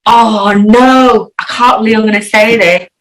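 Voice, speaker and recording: A woman, chatting as an interview guest and telling a story with lively acted-out quotes. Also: on the high side, normal speed, low-quality recording. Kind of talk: casual anecdotal chat.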